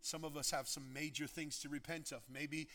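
A male pastor delivers a sermon with a bright, forceful edge to his voice. He leans on repetition and rhetorical questions, pressing each point home as he leads the church toward communion. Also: a little high, level tone, moderate pace. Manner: emphatic, repeats phrases and asks rhetorical questions.

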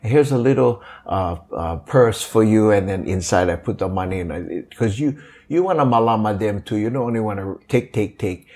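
Older Hawaiian man, pidgin-inflected English, lively storyteller, pitch jumping around. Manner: animated, acts out quoted voices, many fillers. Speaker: guest, kapa maker. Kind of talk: storytelling interview.

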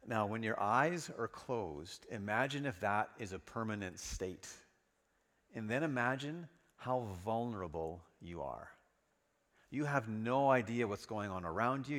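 A man preaching a sermon, retelling scripture in a lively, dramatic storytelling manner. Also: on the low side, in a large hall. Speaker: pastor.

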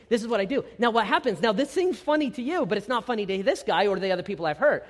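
Man, middle-aged pastor, sermon, self-deprecating humor, slightly high voice, reverberant hall. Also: expressive, quick pace, hardly any pauses. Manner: self-deprecating, humorous storytelling with quoted asides.

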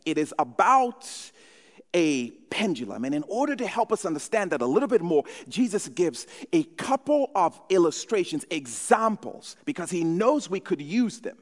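A man preaching a sermon from the pulpit, telling stories in an animated way. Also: sits high, normal speed, in a large hall. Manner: storytelling, animated. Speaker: pastor.

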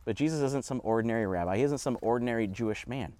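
A man giving a casual, conversational Bible teaching with animated asides. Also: mid-range voice, fast talker, dry recording.

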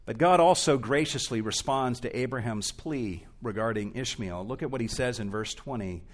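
A man's voice: mid-range voice, moderate pace, few pauses. A male pastor preaching an expository sermon in a church, earnest and emphatic, rising and falling in intensity.

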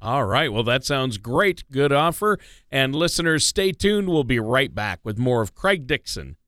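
Male radio co-host, smooth and dry studio sound, easygoing banter. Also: mid-range voice, big pitch swings, unhurried, a bit bright, no echo. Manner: jokey, easygoing, many fillers. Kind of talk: casual radio talk.

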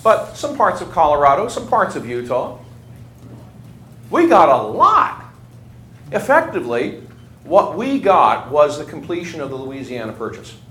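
Lively male lecturer in an echoey room. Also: fairly high pitch, moderate pace. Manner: lively, conversational, asks the class questions. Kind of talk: classroom history lecture. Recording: echoey room, faint ambient noise.

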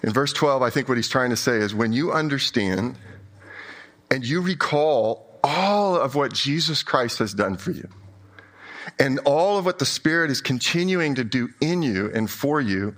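A man preaching a sermon as a pastor, conversational and self-deprecating, swinging between quiet asides and emphatic peaks. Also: medium pitch, big pitch swings, normal speed.

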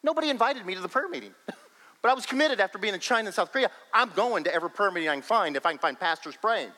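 Emphatic preacher in a bright, reverberant hall. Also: male voice, sits high, racing. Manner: emphatic, animated preaching with bursts of laughter. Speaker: pastor. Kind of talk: sermon.

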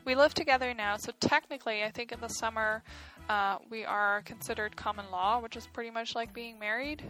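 A woman's voice: a little high, fairly even intonation, a little fast, fairly bright tone, faint music behind, poor audio. A young woman from Germany with a slight German accent, chatting on a podcast and laughing often. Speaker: podcast guest, dance teacher. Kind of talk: casual chat.

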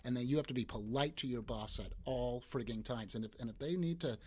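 A man who is a former mayor, telling stories in animated, emphatic casual talk. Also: mid-range voice, fairly quick, husky.

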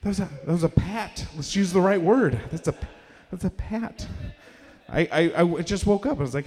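A man's voice: high voice, expressive, moderate pace, a little mellow, in a large hall. A young man telling a rambling, self-mocking stand-up story at a live comedy venue, acting out quotes in raised voices.

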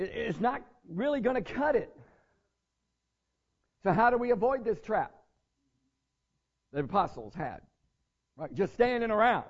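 High-voiced, lively male pastor preaching. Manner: animated storytelling with self-deprecating humor. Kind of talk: sermon. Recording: dull lo-fi sermon recording.

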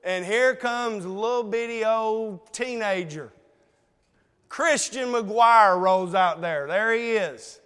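Male preacher, folksy sermon delivery, smooth clear voice, long hall reverb. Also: high voice, a bit bright. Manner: folksy, conversational preaching with dramatic pauses. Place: church sanctuary.

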